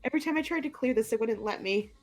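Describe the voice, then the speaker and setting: A woman game master narrating a tabletop game in a casual, halting way. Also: a little high, faint music behind.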